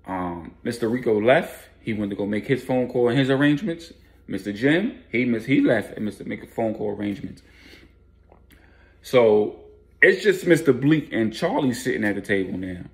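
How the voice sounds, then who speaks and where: A man's voice: mid-range voice, lively intonation, moderate pace. A man casually narrating a street story in laid-back slang with fillers.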